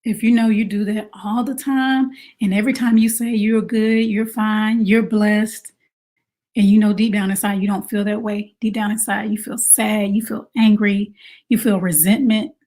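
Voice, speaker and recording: A woman coaching mothers in a casual advice talk, conversational and animated, asking rhetorical questions. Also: mid-range voice, moderate pace. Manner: animated, acts out quoted moms in exaggerated voices. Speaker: self-care coach for mothers.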